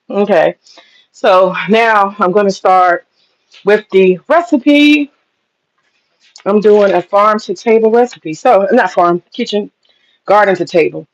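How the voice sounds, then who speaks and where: A woman's voice: medium pitch, slow pace, dull audio. Woman cooking vlogger, casual and profane, tells long stories while cooking. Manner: chatty, profane storytelling. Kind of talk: casual cooking vlog chat.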